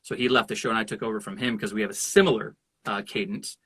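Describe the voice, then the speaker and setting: Male voice actor guest, bright animated storyteller. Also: lowish voice, fast, husky, dry recording. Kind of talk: casual interview chat.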